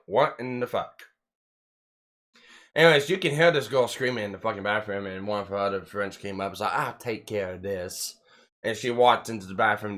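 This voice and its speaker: A man hosting a casual podcast, telling a long story with heavy swearing and lots of restarts. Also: medium pitch. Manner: rambling, heavy swearing, animated retelling. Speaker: podcast host.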